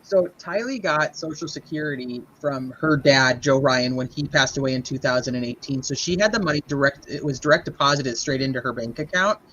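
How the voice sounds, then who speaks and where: A man hosting a podcast, chatting casually and quickly retelling court testimony he wrote down. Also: medium pitch, pushed and bright, muffled recording. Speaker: podcast host. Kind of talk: casual chat.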